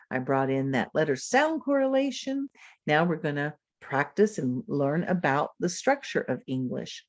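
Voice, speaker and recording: A woman with a lowish voice walks through a classroom reading drill on a video call, switching between teacher prompts and student answers. Her delivery is patient and encouraging. The sound is dry, with no room echo. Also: darkish tone. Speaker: literacy presenter. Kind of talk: webinar lesson demonstration.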